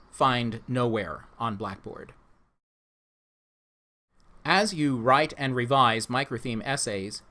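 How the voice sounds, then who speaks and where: Man giving a measured course orientation. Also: mid-range voice, pushed and bright. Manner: measured, instructive. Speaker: instructor.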